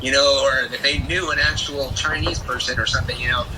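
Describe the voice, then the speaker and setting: A man's voice: medium pitch, brisk. Laid-back man, distant and noisy. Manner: relaxed, talks through with many fillers. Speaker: guest. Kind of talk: casual chat.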